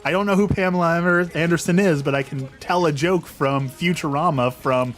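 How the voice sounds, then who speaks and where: A man's voice: on the high side, brisk, fairly bright tone, soft background music. A young man chatting casually while playing a game, rambling with restarts and poking fun at himself. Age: young adult. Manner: rambling, self-deprecating, frequent restarts. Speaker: streamer. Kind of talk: casual gameplay chat.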